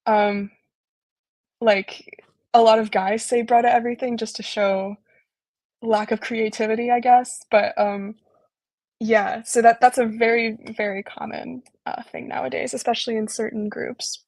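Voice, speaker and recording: A young woman giving a casual online talk, explaining slowly with lots of ums and likes. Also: fairly high pitch, no echo. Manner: relaxed, filler-heavy explaining with frequent ums and likes. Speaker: embassy intern presenting a virtual talk. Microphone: video call.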